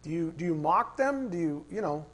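A man teaching a Bible study class. He asks the class questions, reads verses slowly and repeats the key lines. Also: on the high side, expressive, a bit bright. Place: classroom with a board.

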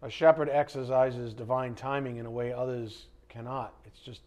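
A man's voice: medium pitch, steady tone, moderate pace, darkish tone. A man teaching the Bible in a conversational way, blunt and fond of rhetorical questions.

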